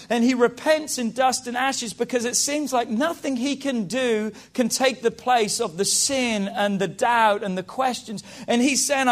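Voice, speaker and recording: High-voiced preaching man, dynamic. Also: moderate pace, few pauses. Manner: preaching with big swings between hushed and emphatic; rhetorical questions and repeated phrases. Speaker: pastor. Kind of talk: sermon.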